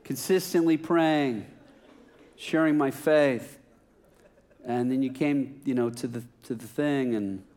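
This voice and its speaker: A man's voice: mid-range voice, slow pace. A middle-aged man preaching a sermon, telling a personal story with self-mocking humor and acting out the dialogue. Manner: animated, self-mocking, acts out dialogue with rising laughter.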